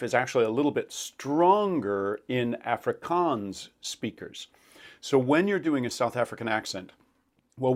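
Man, dialect coach, instructional, explanatory, demonstrates sounds, mid pitch. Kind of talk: instructional talk to camera.

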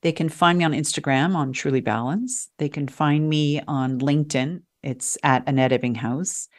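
A woman being interviewed as a guest coach on a radio show, talking in an animated, emphatic way and often restarting her sentences. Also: sits low, moderate pace. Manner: animated, emphatic, self-correcting. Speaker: guest, resilience coach and sophrologist. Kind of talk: conversational interview. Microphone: radio show microphone.

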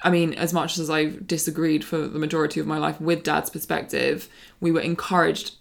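A woman's voice: deep voice, level tone, brisk, creaky. A young woman hosting a podcast, talking frankly and with emphasis in a casual conversation with her mother.

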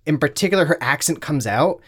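Male podcast co-host, casual and rambling, animated pitch, restarts often. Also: quick pace, husky. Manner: rambling, many fillers and restarts, casual swearing. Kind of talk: casual chat.

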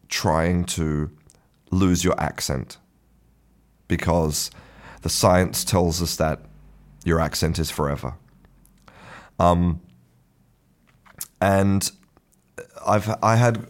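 Brief: deep-voiced male language teacher, loose unscripted lesson, stumbles and restarts. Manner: hesitant, many restarts, chuckles often. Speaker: English teacher. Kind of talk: casual talking-head lesson.

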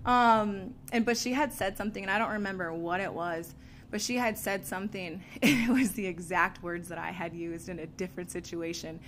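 A woman giving a candid, animated personal testimony to an audience, laughing often and using casual fillers. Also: fairly low pitch, normal speed, a little hiss or hum. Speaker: speaker sharing a recovery story.

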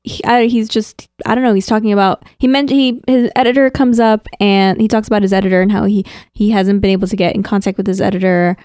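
A woman co-hosts a podcast in an easygoing way, often chiming in with short replies. Her voice is mellow and soft-edged. The recording is dry, with no room sound. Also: mid-range voice, fast talker, hardly any pauses, clean tone, no room sound. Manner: relaxed, with frequent short agreeing replies. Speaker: podcast co-host. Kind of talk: casual chat.

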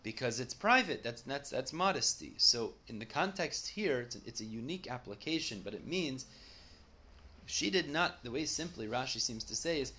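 A man's voice: medium pitch, animated, moderate pace, bright, forceful tone. A man teaching a Talmud study lesson, who reads each line aloud and then explains it in English.

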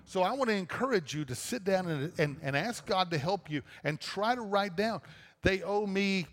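Conversational preacher in a reverberant church. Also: male voice, high-pitched, lively intonation, normal speed. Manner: conversational preaching with repeated restarts. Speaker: pastor. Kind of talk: sermon. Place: church auditorium. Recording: long reverb of a church auditorium.

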